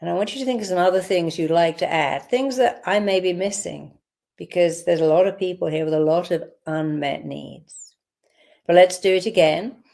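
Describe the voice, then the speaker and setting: Woman with a lowish gravelly voice, walking you through a guided visualization, calm and firm, lots of repeat-after-me lines. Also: moderate pace. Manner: calm, directive, repeats phrases for the listener to echo. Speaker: speaker leading a guided healing exercise.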